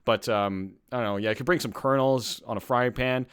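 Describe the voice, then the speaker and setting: A man's voice: mid-range voice, a little fast, a bit bright, smooth. A young man from Canada hosting a casual live-streamed podcast, worked up and ranting with lots of swearing. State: sweating. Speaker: podcast host.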